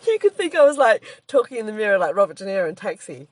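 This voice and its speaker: A woman's voice: medium pitch, big pitch swings, quick pace, dry recording. An Australian woman co-hosting a casual podcast, rambling chattily, often laughing and breaking off mid-sentence to restart. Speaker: podcast co-host, comedian. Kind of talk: casual chat.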